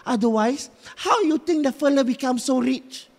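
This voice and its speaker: A woman's voice: sits high, normal speed, a little mellow. A woman voicing a whiny undead infant spirit boy with a Malaysian English accent, petulant and self-pitying. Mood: complaining. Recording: long reverb with music behind.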